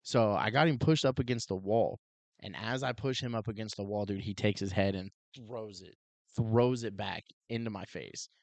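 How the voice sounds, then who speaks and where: A man with a fairly low voice tells a story on a podcast in a loose, animated way. He keeps saying "like" and "dude" and acts out what people said. The sound is dry and close. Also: normal speed, creaky, no room sound. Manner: animated, heavy use of "like" and "dude", acts out quotes. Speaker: podcast co-host, police officer. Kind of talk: casual storytelling chat.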